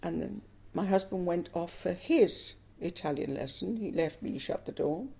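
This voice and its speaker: Older woman with a gravelly voice. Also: fairly low pitch, moderate pace, dark tone. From England. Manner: earnest, emotional storytelling. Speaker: interviewee. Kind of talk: personal testimony interview.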